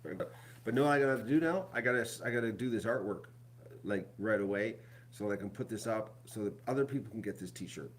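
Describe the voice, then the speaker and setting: This middle-aged vlogger has a lowish voice and a brisk delivery, with slight background noise behind him. He talks informally to the folks watching at home, rambling and repeating himself.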